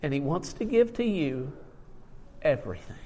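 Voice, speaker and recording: A man's voice: on the high side, animated, slow. An older man preaching a sermon, emotional and tired, reading scripture aloud with rising emphasis. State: tired from little sleep.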